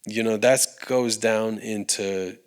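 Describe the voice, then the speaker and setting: Male podcast guest, slightly low voice, earnest conversational testimony, halting and sincere. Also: fairly even intonation, clean tone. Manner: heartfelt, with frequent restarts and fillers. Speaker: podcast guest, recording artist.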